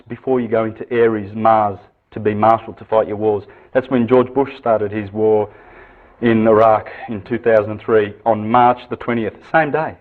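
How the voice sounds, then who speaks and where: A man giving an esoteric lecture with visual aids, lively and full of rhetorical questions and repeated phrases. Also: medium pitch. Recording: tinny phone-like lecture recording.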